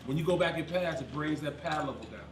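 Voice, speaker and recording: A man who is a former pro football player, telling stories in a casual sports chat and shouting out the lines of the people he quotes. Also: fairly high pitch, fast. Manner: animated storyteller, yells quoted lines. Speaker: former NFL player, panelist. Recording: echoey room with crowd noise.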